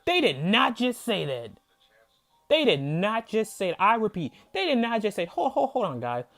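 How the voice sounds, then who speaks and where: A man's voice: sits high, wildly swooping pitch, normal speed, fairly bright tone, soft background music. A man hosting a sports reaction video, ranting in heated, profane disbelief and repeating himself for emphasis. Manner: mocking, disbelieving. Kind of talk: angry fan reaction rant.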